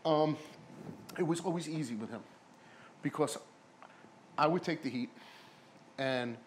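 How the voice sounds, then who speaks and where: With a fairly high pitch and a slightly slow delivery, a former pro wrestler spins rambling, foul-mouthed tales in a casual interview, mimicking the voices of others. A little background noise is present.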